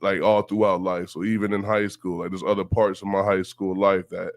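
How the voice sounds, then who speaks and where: Southern guy from houston, lowish voice, chill and cussing, laughs a lot, dry studio sound. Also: little pitch movement, a little fast, no room sound. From Houston, Texas. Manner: laid-back, profane, laughs often. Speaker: guest. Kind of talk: casual interview chat. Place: radio station studio.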